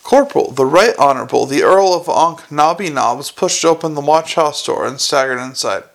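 A man narrating a story in an audiobook reading, measured and even. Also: a little high, creaky.

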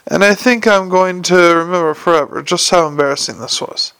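A man's voice: high voice, brisk, sharp tone, clean tone, no room sound, poor audio. Man doing a flustered young con man. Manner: flustered, embarrassed.

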